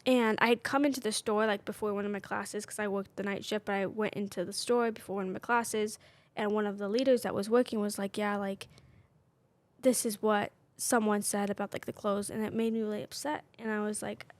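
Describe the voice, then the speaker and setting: Speaking a bit fast, this woman has a medium-pitched voice with fairly even intonation. She's in her twenties, co-hosting a podcast, and her casual chat is candid and personal, peppered with constant "like" fillers.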